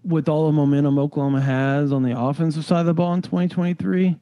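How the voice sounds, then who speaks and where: A young man co-hosting a casual sports podcast, rambling with lots of fillers and getting animated when excited. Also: on the high side, fast, clean tone, dry recording, lo-fi sound. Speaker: recruiting analyst co-host.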